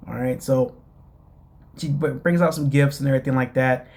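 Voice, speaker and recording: A man's voice: medium pitch, fairly even intonation, moderate pace, darkish tone. Chatty man hosting a gossip recap. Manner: chatty, addresses listeners as "guys"; rambling with many fillers. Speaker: show host. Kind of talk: casual reality TV recap.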